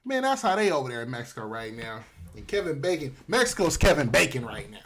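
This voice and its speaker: A male podcast host riffs on politics in loose, profane street slang. His voice sits at an ordinary middle pitch. He keeps slipping into acted-out mock conversations. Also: big pitch swings, quick pace, fairly bright tone. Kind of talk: casual political commentary.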